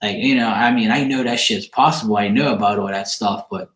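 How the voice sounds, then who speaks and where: A man's voice: on the low side, brisk, fairly bright tone. A man, a psychic card reader, casually telling a story in his apartment in a loose, profane, rambling way. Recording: echoey room.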